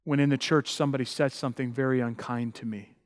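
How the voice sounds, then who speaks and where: A man preaching a sermon as pastor, emphatic and building to loud, passionate peaks. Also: mid-range voice, steady tone, quick pace, big-room sound.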